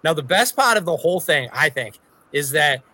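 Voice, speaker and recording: A man's voice: a little high, big pitch swings, moderate pace, pushed and bright, dry recording. A man co-hosting a podcast, telling a story in a profane, ranting casual chat. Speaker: podcast co-host.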